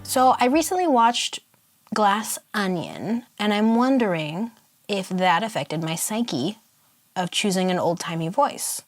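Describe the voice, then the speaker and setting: A woman chatting casually about a sketch, playful and excitable, with quick asides. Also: medium pitch. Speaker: art vlogger. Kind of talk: casual chat while sketching.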